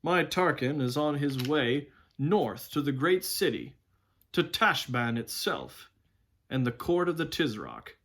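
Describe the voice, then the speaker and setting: A man's voice: mid-range voice, sing-song, slow pace, a bit bright, exaggerated voice. A man voicing a proud, stern talking male war horse in a storybook read-aloud, lofty and scornful of humans.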